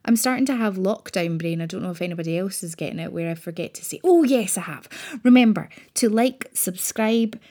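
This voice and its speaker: A woman's voice: lowish voice, a little fast, few pauses, darkish tone. A woman hosting a podcast, chatting casually and telling stories in a rambling way. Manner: chatty, rambling, fond storytelling. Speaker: podcast host. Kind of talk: casual chat.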